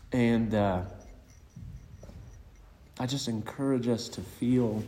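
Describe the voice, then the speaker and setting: A man giving a eulogy with personal stories, reflective and hesitant, pausing often. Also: mid-range voice, steady tone, dark tone, a little hiss or hum. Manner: reflective and hesitant, many pauses. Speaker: speaker at a memorial. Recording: long hall reverb.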